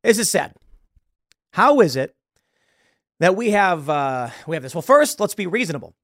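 Sarcastic man lecturing, gravelly voice. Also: high-pitched, very animated, normal speed, fairly bright tone, dry recording, studio quality. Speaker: political commentary host. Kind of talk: opinion commentary monologue.

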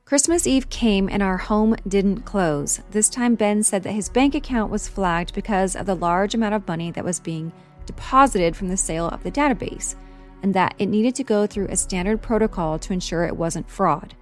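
A woman's voice: medium pitch, moderate pace. Woman narrating a true story over faint music. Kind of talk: scripted narration.

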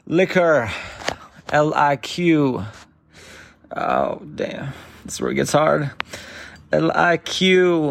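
Male stand-up comic, 30s, slow and rambling storyteller, slightly high voice. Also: lively intonation, creaky. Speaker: stand-up comedian. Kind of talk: stand-up routine.

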